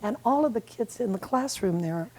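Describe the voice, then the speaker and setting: A woman in her eighties, a community volunteer, chatting as a guest on a local TV interview, warm and rambling with restarts and fillers. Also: fairly high pitch, lively intonation, moderate pace, low-quality recording. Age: 80s. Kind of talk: casual interview chat. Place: local TV studio.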